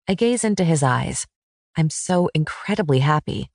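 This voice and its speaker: A woman narrating a first-person romance audiobook in an expressive, intimate manner. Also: deep voice, moderate pace, dry recording, clean studio sound.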